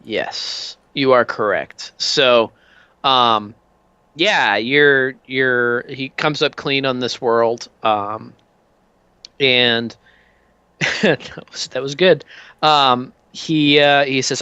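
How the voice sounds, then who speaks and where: Guy game-mastering, loose and rambling, bright voice, dull dry mic. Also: mid-range voice, fairly even intonation, very slow, clear, resonant tone, no room sound. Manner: loose, many ums and uhs. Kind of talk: narrating a tabletop game.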